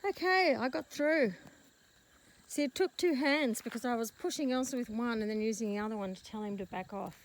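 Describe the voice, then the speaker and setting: A woman's voice: on the high side, fast, hardly any pauses. A woman who runs an animal rescue, talking as she walks her rural property and filming on a handheld phone. She is out of breath and rambles, breaking off mid-story to scold and coax her dogs. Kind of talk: rambling walk-and-talk vlog. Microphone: handheld phone while walking. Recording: noisy outdoor phone recording. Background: dogs and farm animals.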